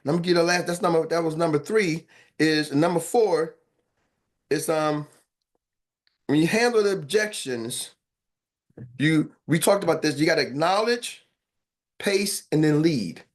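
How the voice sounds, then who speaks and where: A man's voice: on the high side, normal speed, long pauses. A man leading a sales training session who acts out customer replies and keeps checking in with his audience. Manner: energetic, acts out customer replies, asks "are y'all with me?". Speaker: sales coach. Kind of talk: live sales training talk.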